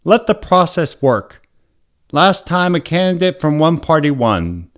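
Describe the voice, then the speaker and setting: A man voicing an earnest governor shouting over a crowd. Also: fairly high pitch, sing-song, unhurried. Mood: commanding. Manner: urgent, raised pleading shouts.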